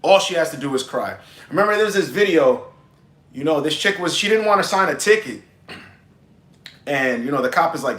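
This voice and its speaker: Blunt, emphatic male advice vlogger, bright tense tone, roomy echo. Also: fairly high pitch, animated, a little fast, long pauses. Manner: blunt, emphatic, calls listeners bro. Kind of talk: casual advice monologue.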